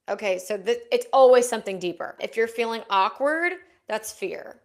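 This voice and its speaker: A young adult woman hosting a casual self-help podcast, chatty and frank, often slipping into quick acted-out inner dialogues. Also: fairly high pitch. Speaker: podcast host.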